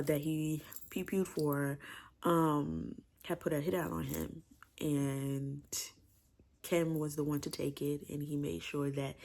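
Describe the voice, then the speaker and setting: A woman's voice: low-pitched, gravelly, a little mellow. A woman giving a chatty, emotional book review, repeating herself as she gushes about the story. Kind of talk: casual book review vlog.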